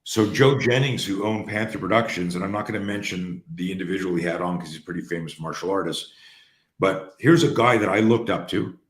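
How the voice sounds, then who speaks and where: A man hosting a talk, telling stories in a casual, animated way, sometimes swearing and restarting his sentences. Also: low voice, brisk, roomy sound. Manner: animated, profane, restarts often. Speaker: host.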